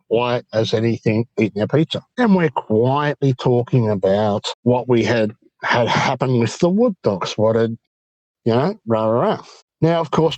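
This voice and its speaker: A man with an Australian accent, appearing as a guest on an interview show, animatedly tells the story of a night-time encounter, quoting what he and his friend said. His voice is medium-pitched. There's no room sound, and the audio is poor.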